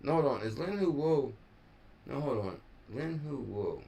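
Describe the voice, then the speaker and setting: A man's voice: mid-range voice, expressive, a little slow, gravelly, mellow, breathy edge. Rambling male crypto live streamer. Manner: rambling, thinks aloud, trails off and corrects himself. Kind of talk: casual live stream commentary.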